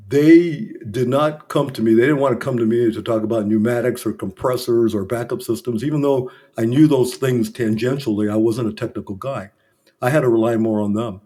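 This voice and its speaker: A man's voice: mid-range voice, mellow. A middle-aged man, a business consultant, reflectively and earnestly recounting his own mistakes as a podcast guest. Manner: reflective, earnest, self-critical. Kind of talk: candid conversational storytelling.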